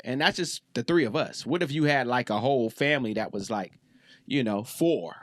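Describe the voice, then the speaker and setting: A man's voice: medium pitch, animated, normal speed, dry recording, clean studio sound. A man in his thirties hosting a podcast, ranting in a casual, slangy way and repeating himself for emphasis. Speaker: podcast host. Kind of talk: casual sports rant.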